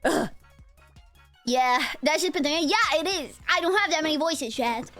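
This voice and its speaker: A woman's voice: sits high, animated, a little fast, fairly bright tone, dry recording, soft background music. A young woman VTuber streamer chatting casually and playfully with her chat on a close mic. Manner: playful, joking, talks to chat.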